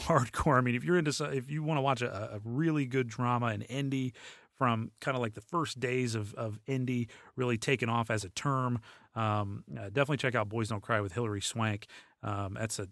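A man hosts a podcast alone in a loose, rambling way, full of fillers and restarts. His voice sits at an ordinary middle pitch. The recording is dry and close, with almost no room sound. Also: a bit bright, no room sound. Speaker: podcast host. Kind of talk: casual solo podcast talk.

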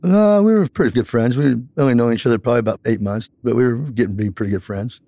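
A man's voice: mid-range voice, quick pace, mellow, no echo. A man telling a long personal account in an interview, rambling with many fillers.

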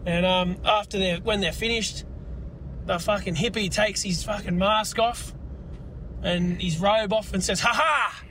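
A man's voice: sits high, steady tone, unhurried, fairly bright tone, slight background noise. An Australian man calling in and telling a crude, rambling joke as a voice message. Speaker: caller.

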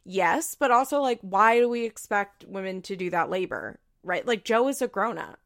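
A woman's voice: mid-range voice, very animated, normal speed. A woman giving casual, opinionated commentary as she recaps a reality TV show, with a chatty manner full of "like" and the odd swear word. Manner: chatty and opinionated, heavy use of "like", occasional swearing.

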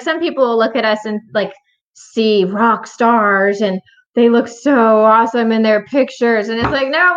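Upbeat band singer, lo-fi audio. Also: female voice, on the high side, a bit bright. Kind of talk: casual interview chat.

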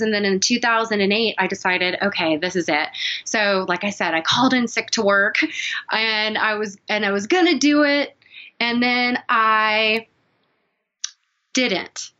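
Bright-voiced woman telling a personal story. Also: on the high side, dull audio. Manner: earnest, emotional, confiding. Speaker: podcast guest.

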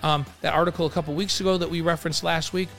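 A man's voice: fairly high pitch, fairly even intonation, very fast, fairly bright tone, faint music behind. A man from New York co-hosting a casual sports podcast, talking in a loose way full of restarts and repeated words. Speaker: podcast co-host.

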